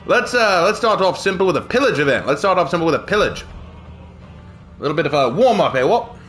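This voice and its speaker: A man streaming a game hams up an over-the-top fake British accent, lobbing in stock posh phrases with a jokey, theatrical flair. His voice sits a bit high and rings bright and forceful, with faint game music underneath. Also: sing-song, brisk. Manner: exaggerated mock British accent put on for laughs. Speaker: gaming streamer. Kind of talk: live gameplay commentary.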